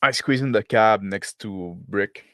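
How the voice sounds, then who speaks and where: A player in a tabletop game who talks in a relaxed, joking way. His voice sits on the low side. The sound is dry and close. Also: unhurried, no room sound. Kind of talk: casual tabletop play.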